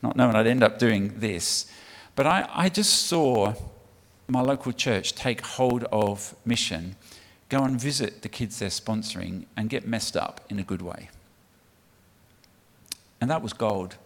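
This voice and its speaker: A man's voice: on the low side, measured pace. Man, middle-aged, from England, guest preacher, chatty sermon talk, ums and restarts, long hall reverb. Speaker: guest speaker for a child sponsorship charity. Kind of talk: sermon talk to a church congregation. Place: church hall.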